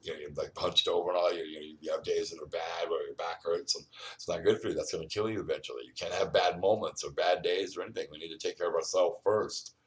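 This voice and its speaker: A man's voice: deep voice, fairly even intonation, fast, distant mic, low-quality recording. A man talking at length in a rambling, preachy monologue, repeating himself and urging the listener on, recorded at home. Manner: repetitive, restarts often, keeps saying "you know what I mean". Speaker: vlogger. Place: indoors at home.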